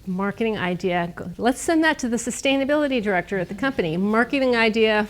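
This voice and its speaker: A middle-aged woman speaking as a guest speaker, telling stories in a lively, snarky way and laughing often. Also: a little high, quick pace, few pauses. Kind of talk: casual storytelling talk. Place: lecture room.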